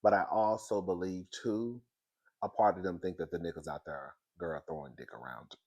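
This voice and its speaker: A man's voice: low voice, normal speed, darkish tone, muffled recording. A man with a stuffy nose from crying, recapping a reality show in casual chat and calling his listeners "girl.". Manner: chatty, talks to listeners as "girl".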